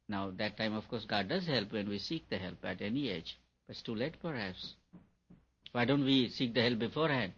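A man's voice: fairly low pitch, expressive, normal speed, a bit bright, breathy edge. A man giving a spiritual talk on meditation, repeating his points for emphasis. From India. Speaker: meditation teacher. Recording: dull lo-fi recording.

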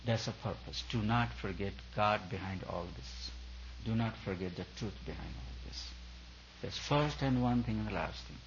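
A man's voice: lowish voice, moderate pace, a little hiss or hum. A man preaching a sermon to a retreat audience as a spiritual teacher, speaking in emphatic, repetitive phrases. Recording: dull lo-fi recording.

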